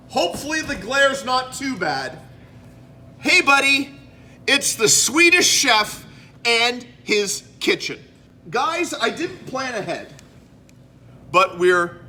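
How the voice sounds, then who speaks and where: Canadian male vlog host, high bright voice, rambling and chatty. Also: a little hiss or hum. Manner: rambling, self-interrupting, chatty. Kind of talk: casual collectibles show-and-tell.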